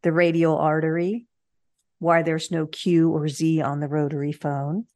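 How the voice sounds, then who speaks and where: A woman co-hosting a podcast chats casually about a movie, amused and quick to laugh. Her voice is low, flat, and a little mellow, in a dry recording.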